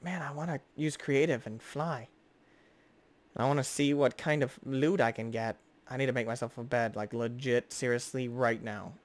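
A young man giving excitable, jokey gameplay commentary as host, chatting to the creatures on screen. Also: mid-range voice, normal speed. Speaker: gaming video host.

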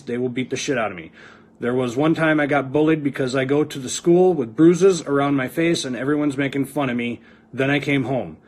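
A man reading his wife's messages aloud in a video statement, halting and pausing between phrases. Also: medium pitch. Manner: halting reading with fillers and restarts. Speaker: reality TV personality speaking for his wife.

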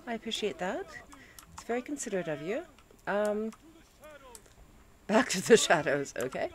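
A woman streaming a video game from home, groggy after a headache, chatting calmly with viewers and fussing at her dog. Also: medium pitch, normal speed, pauses often. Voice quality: calm, soothing voice. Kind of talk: casual live-stream gameplay chat.

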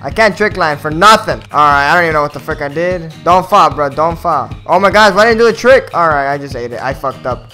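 A man giving live, slangy gameplay commentary, excitable and prone to loud outbursts. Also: fairly high pitch, a little fast, few pauses, soft background music. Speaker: gaming video host.

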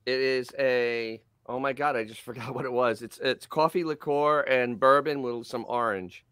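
A man co-hosting a podcast, playful and quick to laugh in casual chat. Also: medium pitch, steady tone, a bit bright, clear, resonant tone, dry recording, clean studio sound. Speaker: podcast co-host.

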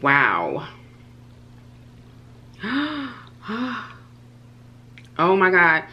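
Low-voiced excitable woman food vlogger. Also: a little slow, lo-fi sound. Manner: excitable, chatty, addresses viewers as "you guys". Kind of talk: casual eating vlog.

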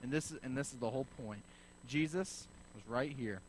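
A man preaching a sermon as pastor, telling a story in a lively way and acting out both sides of the conversation. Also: medium pitch, a little fast, slight background noise, poor audio. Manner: animated storyteller acting out dialogue.

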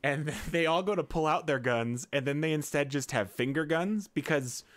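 A man tells a movie plot to his friends in a rambling, casual way, often breaking into laughter. His voice sits a little high for a man. It is relaxed podcast chat. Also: normal speed. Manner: rambling, laughs while retelling scenes. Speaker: podcast co-host recapping a film.

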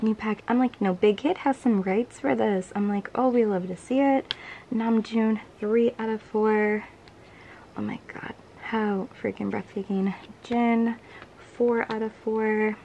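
A woman vlogger gushing through an unboxing, excitable and often dropping to a whisper. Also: mid-range voice, muffled recording, slight background noise. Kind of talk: casual unboxing commentary.

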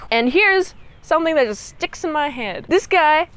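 A woman's voice: sits high, expressive, moderate pace, fairly bright tone, slight background noise. A young woman giving a casual movie recap, chatty and rambling, and laughing as she goes. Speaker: movie reviewer.

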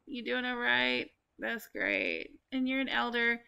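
A woman's voice: fairly high pitch, flat delivery, a little slow, creaky, bright, forceful tone, clean tone. A young woman giving casual, profanity-laced commentary while playing a life-sim game, chatting to viewers, laughing often and talking back at the characters. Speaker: gaming YouTuber. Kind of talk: casual let's play commentary.

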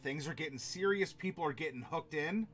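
A man running a tabletop game stream, casually teaching how to build villains, chatty and quick to laugh. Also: fairly high pitch, animated, a bit bright, soft background music. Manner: chatty, laughs often, many fillers and restarts. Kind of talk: casual instructional talk to a live chat.

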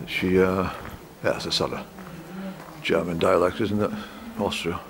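A man's voice: low-pitched, steady tone, a little slow, a crowd in the background. A man chatting in a rambling way as he narrates a walk through narrow town streets on a handheld camera. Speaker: travel vlogger. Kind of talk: walking travel narration. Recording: street noise and passing traffic.

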